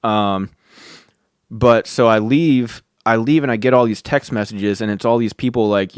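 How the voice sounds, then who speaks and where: A man's voice: fairly low pitch, measured pace, smooth, no echo, studio quality. A young man hosting a podcast, telling a long casual story in a rambling way, swearing often and saying "dude" and "like" constantly. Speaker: podcast host. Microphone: close studio mic.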